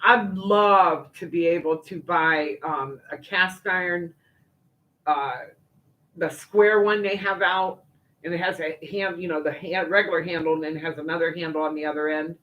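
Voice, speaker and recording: A woman's voice: fairly low pitch, steady tone, normal speed, a bit bright, lo-fi sound. An older woman, chatting casually as the host of a livestream, folksy and full of fillers and asides. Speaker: livestream host reading viewer comments. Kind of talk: casual chat.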